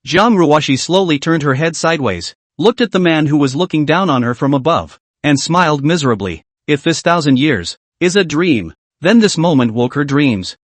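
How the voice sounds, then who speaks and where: A man's voice: a little high, lively intonation, moderate pace, no room sound. A man narrating a fantasy story recap in a dramatic reading style.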